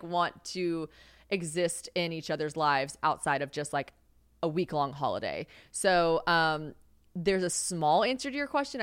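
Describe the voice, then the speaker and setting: A woman's voice: low voice, clear, resonant tone, no echo, studio quality. A young woman hosting a casual solo podcast, rambling and swearing freely, laughing often. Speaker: podcast host. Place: home kitchen.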